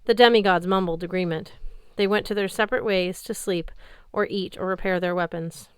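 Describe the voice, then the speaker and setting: A woman's voice: on the low side, steady tone, brisk, smooth, no room sound, clean studio sound. Woman reading a story aloud. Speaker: audiobook reader. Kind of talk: first-person story narration.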